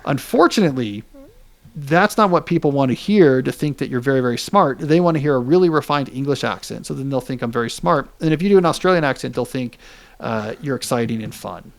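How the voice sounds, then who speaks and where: A man's voice: mid-range voice, animated, fairly quick, creaky. A man in his forties hosting a podcast, explaining ideas in casual chat with joking asides. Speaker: podcast host.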